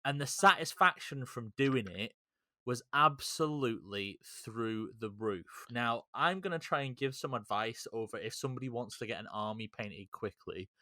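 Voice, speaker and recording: A man's voice: medium pitch, animated, moderate pace, pushed and bright, no echo. A man hosting a podcast in casual chat, rambling, teasing and swearing freely. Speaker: podcast host.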